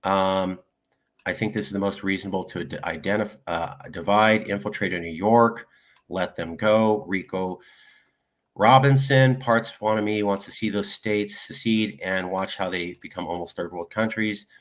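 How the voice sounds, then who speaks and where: A man giving casual political commentary, reading viewer comments aloud one after another. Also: low voice. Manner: reads viewer comments aloud in quick succession.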